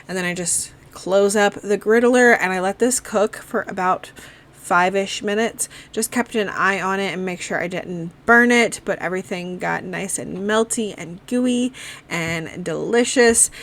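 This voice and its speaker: A woman's voice: mid-range voice, fairly bright tone. A woman giving a casual, chatty voice-over as she walks through her family's dinners step by step, with the odd "like" and "um". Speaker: cooking vlogger.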